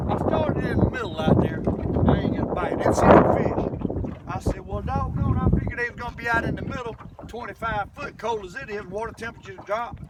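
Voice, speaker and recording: An older man filming himself fishing from a boat, talking to the camera in a folksy, excitable way and exclaiming often. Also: sits high. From Southern US. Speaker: fishing vlogger. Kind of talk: excited outdoor fishing vlog. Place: small boat on a lake outdoors, windy. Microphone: camera mic in the wind. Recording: distant camera mic with wind noise. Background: wind and boat noise.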